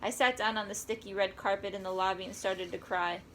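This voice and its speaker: A woman's voice: medium pitch, steady tone, fairly quick, a bit bright, slight background noise, low-quality recording. Woman reading a story, wry and conversational. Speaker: audiobook narrator. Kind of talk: first-person story reading.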